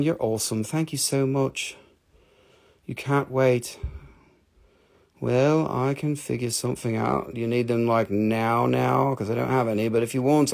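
Gravelly, fast-talking man selling rocks live, rambling and excitable. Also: mid-range voice. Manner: rambling, excitable, swears freely; talks fast when showing items. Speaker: rock and mineral seller. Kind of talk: live sales stream, casual chat.

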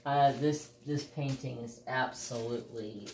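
Woman crafts host, casual unboxing chat, excitable exclamations, slow delivery, faint room ambience. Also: a bass voice, noisy background. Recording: roomy echo, faint ambience.

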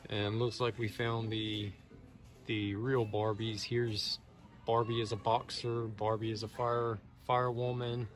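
A man narrating a casual toy-hunting vlog, chatty and sarcastic, with loud mock-excited stretches. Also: on the low side, unhurried, faint music behind. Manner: loud, animated outro.

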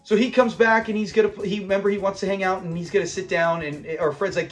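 A man's voice: high-pitched, fairly even intonation, fast, few pauses, soft background music. A young man hosting a classic TV channel, casually and enthusiastically recapping an episode, retelling scenes and laughing along.

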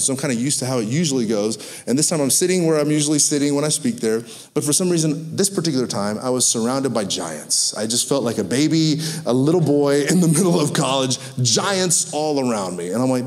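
Animated man preaching a sermon. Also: a little high. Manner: animated storytelling with acted-out quotes. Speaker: pastor.

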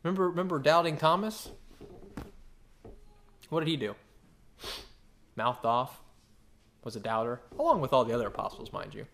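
A man preaching a sermon, animated and full of questions he answers himself, sometimes acting out voices. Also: moderate pace, gravelly, long pauses, slight background noise. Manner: animated, acts out quoted voices with big pitch jumps; asks the congregation questions and answers them. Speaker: pastor.

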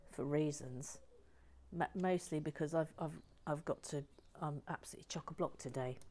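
A woman hosting a relaxed brick-building stream, chatting playfully and reading out viewer comments with many asides. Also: low voice.

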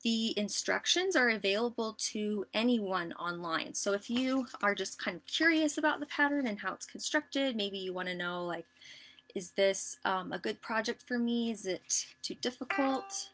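Bright chatty lady doing a live sewing lesson, lots of ums. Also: mid-range voice, normal speed, slight background noise. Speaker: sewing instructor. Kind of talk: casual live sewing tutorial.

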